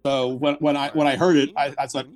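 A man's voice: fairly high pitch, little pitch movement. A man from Philadelphia with a faint, mostly suppressed Philly accent, chatting casually on a panel and restarting his sentences often. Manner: halting, many restarts.

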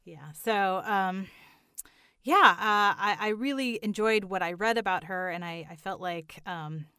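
A woman's voice: mid-range voice, a little slow, bright, forceful tone, clear, resonant tone, no echo, clean studio sound. A middle-aged woman who voices characters, chatting in an interview in a self-deprecating way, full of fillers and restarts. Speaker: voice actor guest. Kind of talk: casual interview chat.

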